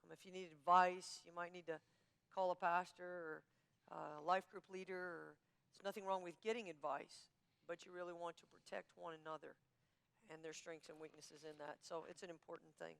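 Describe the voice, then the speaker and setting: A woman co-teaches on marriage in a church. Her voice is smooth and resonant, with a gravelly fry at the bottom. She speaks plainly and chattily, with a playful, teasing streak. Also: fairly low pitch, steady tone, brisk, a bit bright, big-room sound. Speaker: minister co-teaching with her husband. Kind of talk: marriage teaching, casual asides.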